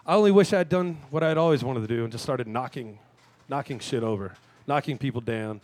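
A man in his thirties hosting a live talk show, delivering a crude, self-mocking comic monologue with sudden shouted rants. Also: medium pitch, brisk, dry recording. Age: 30s. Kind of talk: stand-up style monologue. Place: live venue stage.

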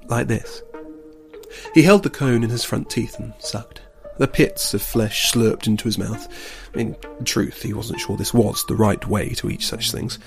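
A man reading a story aloud in a calm, steady storybook narration. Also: lowish voice, moderate pace, creaky, few pauses, soft background music.

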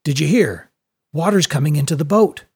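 Brief: man doing an anxious male traveler, plain and husky, lifted a little in pitch. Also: expressive, brisk, a little mellow, full character voice. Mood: worried. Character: worried male ship passenger.

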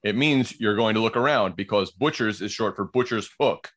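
A man's voice: fairly low pitch, moderate pace, a bit bright. A man co-hosting a podcast, explaining word origins in casual banter, laughing often and reading passages aloud.

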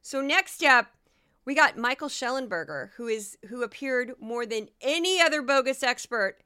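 A woman's voice: high voice, animated, normal speed, bright, forceful tone, clean tone. A woman from Missouri hosting a solo podcast, talking in a casual, sarcastic and mocking way. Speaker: podcast host.

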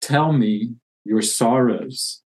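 A man voicing a huge, wise male lion from a storybook, reading his lines slowly and softly. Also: mid-range voice. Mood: solemn.

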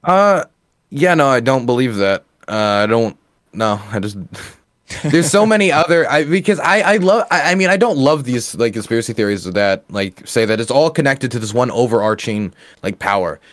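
A man's voice: mid-range voice, expressive, moderate pace, dry recording. Hesitant male journalist guest, dry sound. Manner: hesitant, many fillers and restarts, then explains at length. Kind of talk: talk show interview.

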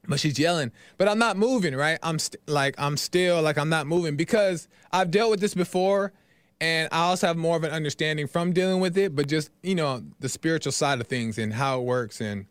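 A man's voice: on the high side, no room sound. A man hosting a podcast, telling a personal story in a loose, casual monologue full of fillers and asides. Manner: loose, repetitive, talks in fillers and "right?". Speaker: podcast host.

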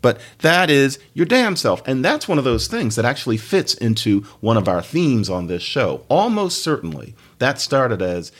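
A man's voice: mid-range voice, big pitch swings, normal speed, few pauses. A man hosting a podcast, giving a casual solo talk on language with chatty, laughing asides. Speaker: podcast host, linguist.

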